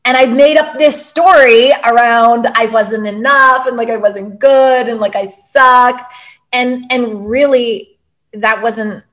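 A woman's voice: a little high, fairly even intonation, takes it slowly, fairly bright tone. A woman hosting a podcast, chatting casually and filling her speech with words like "like". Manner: chatty, lots of fillers like "like". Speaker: podcast host. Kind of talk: casual chat.

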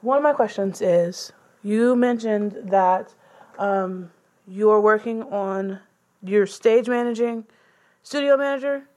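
A woman's voice: medium pitch, slow pace, a little mellow. A young woman hosting a casual chat, loose and conversational with many fillers.

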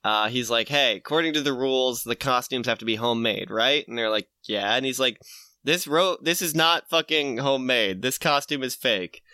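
Casual male co-host, bright and forceful, quick voices for characters. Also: mid-range voice, no echo, clean studio sound. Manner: laughs often, puts on quick voices for characters. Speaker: podcast co-host retelling a comic. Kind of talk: casual comedic recap chat.

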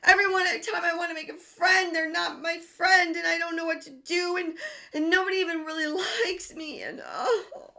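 A woman's voice: very high voice, moderate pace, voice pushed up, full character voice. A woman acting out a despairing, sobbing wounded inner child who wails, cries and half-laughs through her words. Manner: wailing, crying and half-laughing, shouting.

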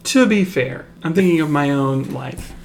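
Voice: mid-range voice, animated, moderate pace, slight background noise. A podcast co-host in casual chat, making wry, teasing remarks.

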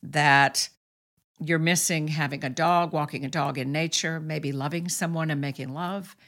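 A woman's voice: deep voice, steady tone, moderate pace, fairly bright tone. A middle-aged woman hosting a casual podcast chat, talking earnestly and often repeating her first words before a thought. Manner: earnest, repeats words when starting sentences. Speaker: podcast host and author.

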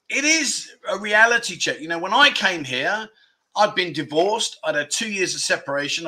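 A man's voice: fairly high pitch, pushed and bright. A man from England hosting a casual livestream, rambling through self-deprecating banter and reading out viewer comments. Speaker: livestream host.

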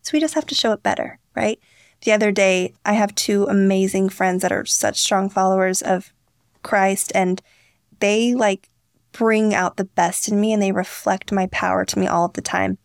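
A woman's voice: mid-range voice, fairly even intonation, moderate pace, vocal fry, dry recording, clean studio sound. A young woman, a podcast guest and founder, telling stories earnestly and acting out what people said. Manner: earnest, storytelling, acts out quotes. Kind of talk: candid interview talk.

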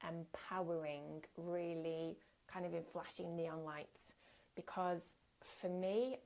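A woman's voice: lowish voice, creaky, darkish tone. A woman giving a candid, earnest workshop talk as a coach, speaking conversationally with occasional fillers.

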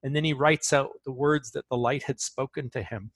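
A man's voice: mid-range voice, fairly even intonation, normal speed, no echo. A man speaking as an author in an interview, talking earnestly and often restarting his phrases as he tells a story.

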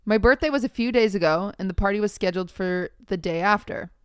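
A young woman hosting a podcast, chatting casually and reading online posts aloud in a measured, wry tone. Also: mid-range voice, clear, resonant tone, dry recording, studio quality. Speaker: podcast host.

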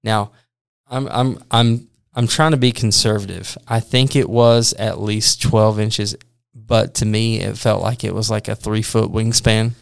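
Man, preacher type, easygoing storyteller, clear resonant tone, pokes fun at himself. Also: on the low side, unhurried. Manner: animated, self-deprecating, laughs often. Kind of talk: casual storytelling.

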